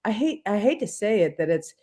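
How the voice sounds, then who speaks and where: Female co-host, mid-pitched voice, agreeable conversational interjections. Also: sing-song, mellow. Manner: agreeable, chiming in with quick remarks. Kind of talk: casual radio interview chat.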